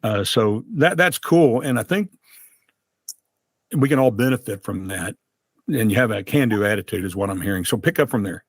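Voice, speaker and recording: A husky-voiced man hosts a podcast conversation and sums up his guest's story in a slow, reflective way. His low voice sounds close and dry. He pauses often as he thinks. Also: animated, dry recording. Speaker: podcast host. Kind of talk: casual interview chat.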